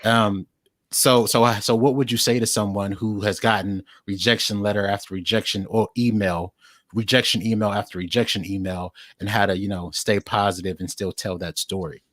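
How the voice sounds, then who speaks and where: A man with a lowish voice puts questions to a guest as co-host. He sounds casual and a little halting. The recording is dry, with no room echo. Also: fairly even intonation, fairly bright tone. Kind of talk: casual chat asking questions.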